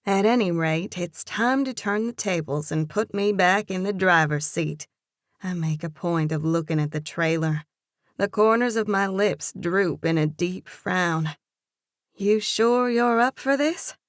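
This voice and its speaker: A woman narrating a first-person romance audiobook with an expressive, lively character reading. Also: lowish voice, no echo, studio quality.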